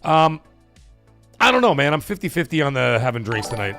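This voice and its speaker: A man's voice: mid-range voice, very animated, a little fast, gravelly, sharp tone, faint music behind. A man hosting a casual live stream, rambling, swearing and saying "like" a lot. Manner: rambling, swears, heavy use of "like". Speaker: livestream host.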